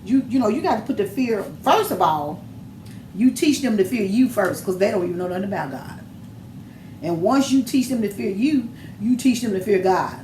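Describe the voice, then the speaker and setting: A woman's voice: mid-range voice, expressive, moderate pace, mellow, a little hiss or hum. Emphatic middle-aged woman in an echoey room. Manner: emphatic, preachy storytelling. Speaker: podcast guest, mother. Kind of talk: casual chat.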